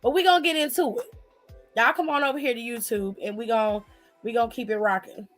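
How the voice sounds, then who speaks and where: A high-pitched woman hosts a casual live stream. She reads comments aloud and chats playfully with viewers, calling them honey and child. Faint music plays behind her voice. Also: brisk.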